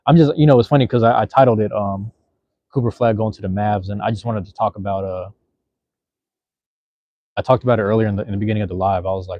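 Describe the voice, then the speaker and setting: Speaking quickly but with long pauses, this twenty-something streamer rambles through viewer comments in profane slang from his home room. His voice sits on the low side, and the sound is dry and lo-fi.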